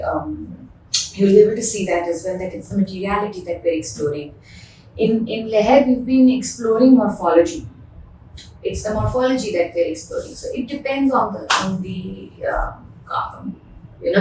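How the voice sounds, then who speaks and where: A woman's voice: medium pitch, a little fast, dark tone. A woman with an Indian English accent, a furniture designer answering interview questions in an emphatic, passionate way, often repeating words. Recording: roomy, distant mic with faint noise.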